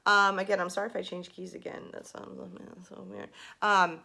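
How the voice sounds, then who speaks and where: A woman's voice: mid-range voice, little pitch movement, normal speed, creaky, sharp tone. A young woman giving a casual singing lesson to camera, chatty and full of fillers and asides. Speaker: singing teacher.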